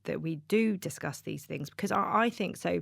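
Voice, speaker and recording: A woman's voice: on the low side, animated, normal speed, vocal fry, no room sound, clean studio sound. A woman hosting a podcast, making long, reflective points in an empathetic interview. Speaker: podcast host.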